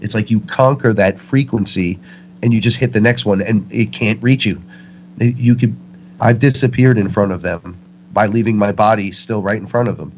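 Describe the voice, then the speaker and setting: A man, a guest on a spiritual talk show, telling stories with animated energy and acting out the voices he quotes. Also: lowish voice, normal speed, slight background noise. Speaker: interview guest. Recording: muffled lo-fi recording.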